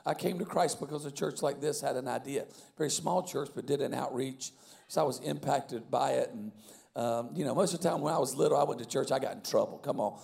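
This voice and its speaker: Hoarse male preacher, deep gravelly voice, dark tone, folksy and chatty. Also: a little fast. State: hoarse, lost voice. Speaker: guest pastor. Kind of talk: sermon opening.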